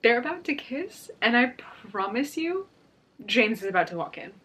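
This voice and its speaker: Young woman, book vlogger, husky breathy tone, slightly high voice, excitable, gushing, emotional, casual vlog chat. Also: moderate pace.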